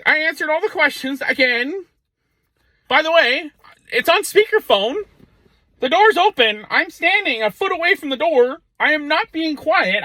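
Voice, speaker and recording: High, bright-voiced man telling a story. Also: dry recording, low-quality recording. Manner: expressive, exasperated, acts out dialogue in his own voice. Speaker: rideshare driver. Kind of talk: animated storytelling vlog.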